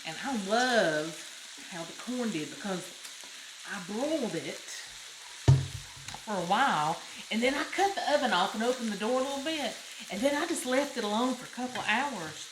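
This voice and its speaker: A woman's voice: a little high, animated, normal speed. A woman with a Southern US accent hosting a casual home cooking demonstration, chatty and folksy, exclaiming over the food. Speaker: cooking show host. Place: home kitchen. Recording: roomy kitchen with loud frying noise. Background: sizzling pan and utensil clicks.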